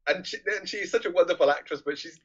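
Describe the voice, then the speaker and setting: A man co-hosting a casual film podcast, lively, laughing often and acting out quotes. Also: sits high, fast. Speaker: podcast co-host. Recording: dull lo-fi mic.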